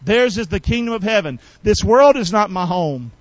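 A man preaching a sermon in a folksy, colloquial way, calling on the congregation to repeat after him and rising to shouts. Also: high-pitched, lively intonation, moderate pace, no echo, highs cut off. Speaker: pastor.

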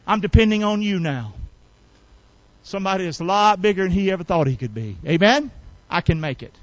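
High-pitched preacher man, folksy, keeps getting the crowd to say it back, dry slightly dull sound. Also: lively intonation, brisk, no room sound. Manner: call-and-response preaching, rising to shouts; folksy, colloquial. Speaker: pastor. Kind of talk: sermon.

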